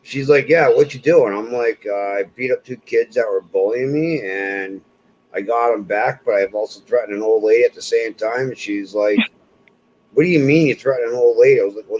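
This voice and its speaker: A man's voice: medium pitch, a little hiss or hum, rough recording. A man in casual conversation, telling personal stories and acting out the voices of people he quotes. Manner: animated, acts out quoted voices. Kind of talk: casual storytelling chat.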